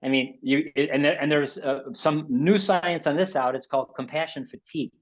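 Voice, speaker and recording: A man's voice: fairly high pitch, steady tone, normal speed, dull audio. A man in his sixties from the United States presents a webinar in casual, rambling talk, often repeating and restarting words. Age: 60s.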